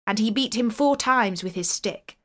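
A woman reading a medieval tale aloud in a steady, clear storytelling voice. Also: a little high, moderate pace.

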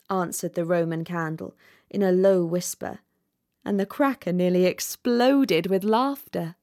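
A woman narrating a storybook aloud in a measured, expressive reading. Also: fairly low pitch.

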